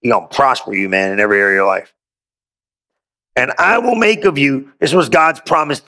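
Speaking fairly quickly in a medium-pitched voice with a bright, forceful tone, a male pastor preaches by reading scripture and interrupting himself with exuberant call-and-response asides.

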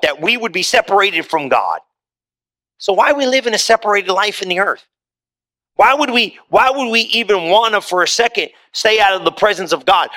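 A middle-aged man preaching a sermon from the pulpit. His voice sits high and sounds bright and forceful. He repeats phrases and drops into slow, low stretches for emphasis. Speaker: pastor.

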